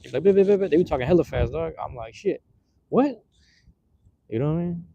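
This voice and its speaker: A man's voice: on the high side, animated, racing, creaky, warm tone, muffled recording. A man streaming from his phone outdoors, chatting casually with his viewers in loose, slangy, rambling talk. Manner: loose slangy rambling, many fillers and restarts. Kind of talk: casual live-stream chat. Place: outdoors on the street. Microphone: handheld phone.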